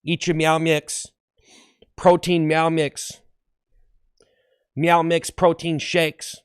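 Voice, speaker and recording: A man voicing a cocky, muscular male cat at the gym who brags loudly and meows in an improvised sketch. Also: on the high side, little pitch movement, slow pace, smooth, dry recording, studio quality. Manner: loud, bragging, meowing.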